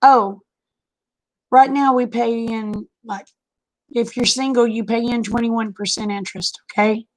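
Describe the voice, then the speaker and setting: A woman's voice: fairly high pitch, fairly even intonation, unhurried, low-quality recording. A woman chatting casually on a live stream, folksy and drawling, greeting viewers by name.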